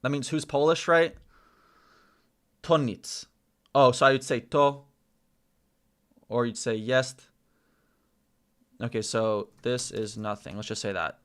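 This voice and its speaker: Here a man whose native language is Spanish is chatting on a live stream, working through foreign phrases by saying them slowly. His voice is mid-range with fairly steady intonation.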